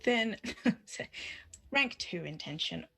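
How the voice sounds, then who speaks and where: Woman, game master, tabletop game, playful, laughs often, lively pitch, husky. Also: very slow, soft background music. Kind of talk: running a tabletop game, casual chat.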